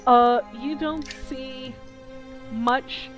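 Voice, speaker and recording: A woman narrating a tabletop game as dungeon master, describing scenes slowly with small hesitations. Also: high-pitched, steady tone, highs cut off, soft background music.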